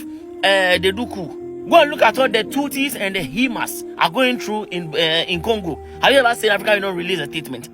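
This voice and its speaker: Ghanaian-accented man, high-pitched, exasperated rhetorical commentary, loud music under his voice. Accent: Ghanaian English. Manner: exasperated, rhetorical questions, pidgin asides. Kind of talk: opinionated commentary clip.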